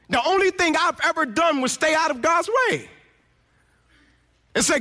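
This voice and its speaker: A man's voice: very high-pitched, expressive, moderate pace, long pauses, pushed and bright, some chatter behind. A young man giving an inspirational testimony speech, telling his story with repeated refrains. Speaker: motivational speaker.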